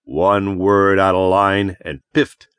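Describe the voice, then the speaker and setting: A man's voice: low voice, little pitch movement, takes it slowly, fairly bright tone, clean tone, dry recording, clean studio sound, pitched below the performer's own voice. A man voicing a frightened police officer who gives curt, threatening orders, in an audiobook. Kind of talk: audiobook character voice.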